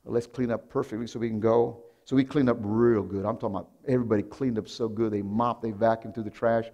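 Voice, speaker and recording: A man pastor preaching a sermon, telling a story in a hushed voice and then breaking into loud, animated exclamations. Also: on the low side, fast. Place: church sanctuary.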